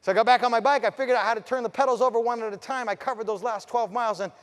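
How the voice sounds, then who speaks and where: A man telling a personal story as a motivational speaker, swinging between loud, fired-up bursts and hushed passages, and asking the audience direct questions. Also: extremely high pitch, fairly even intonation, very fast, big-room sound. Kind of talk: storytelling keynote speech.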